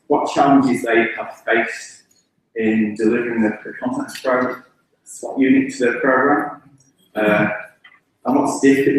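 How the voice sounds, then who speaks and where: A man's voice: mid-range voice, steady tone, a little slow. A man chairing a conference panel, introducing speakers in an informal, joking way with some restarts. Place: large lecture hall. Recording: echoey hall from far off.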